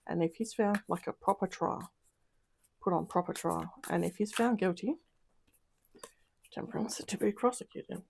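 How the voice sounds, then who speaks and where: A woman's voice: medium pitch, normal speed, vocal fry, long pauses, a little mellow, slight background noise. A woman doing a casual tarot reading, talking in an upset, emotional way with sighs and trailing sentences. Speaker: tarot reader.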